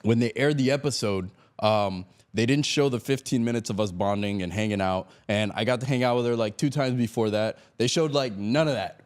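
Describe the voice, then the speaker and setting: A man from Miami, guesting on an interview podcast, acts out quotes and laughs often as he tells a lively story. He has a mid-range voice, speaks fairly quickly, and pauses little.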